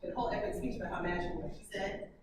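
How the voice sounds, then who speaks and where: A woman leading a group discussion about a story. She is expressive, laughs often and quotes characters with sass. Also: lowish voice, rapid-fire. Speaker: workshop facilitator. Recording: echoey room from far off, loud background noise.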